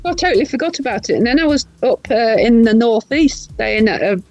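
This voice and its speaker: A woman's voice: a little high, expressive, fairly quick, darkish tone, muffled recording, soft background music. An older woman, a guest artist and writer, telling stories in casual, salty chat. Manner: chatty storyteller, swears casually.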